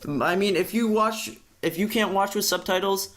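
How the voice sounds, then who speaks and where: A young man co-hosting a casual podcast, ranting with lots of swearing and sudden jumps in pitch. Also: moderate pace, fairly bright tone. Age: young adult. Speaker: podcast co-host. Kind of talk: casual chat.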